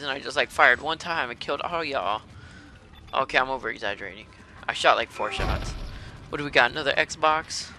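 A man commentating a horror game as he plays it, profane and excitable, often shouting at enemies. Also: mid-range voice, fairly quick. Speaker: gamer playing a horror game. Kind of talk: let's play commentary. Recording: game sound and noise behind.

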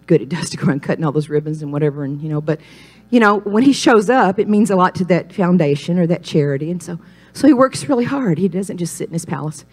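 A woman speaking at a Christian ministry gives a personal testimony sermon in a husky voice, quick and almost without pauses. She tells stories and builds emphatic points, swelling louder and higher when it matters most.

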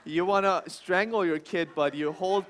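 High-voiced man preaching a sermon. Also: normal speed, a little hiss or hum. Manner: storytelling with restarts, rising to loud emphatic bursts. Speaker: pastor.

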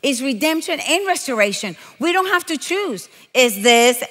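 A woman from Puerto Rico giving a lively, playful sermon full of stories and emphatic points. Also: high-pitched, normal speed, in a large hall. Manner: animated, playful, emphatic preaching with quoted asides. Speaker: guest preacher.

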